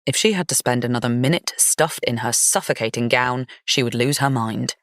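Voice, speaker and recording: A woman narrating a gothic fantasy romance audiobook in an even, measured storytelling manner. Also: extremely low pitch, dry recording, clean studio sound.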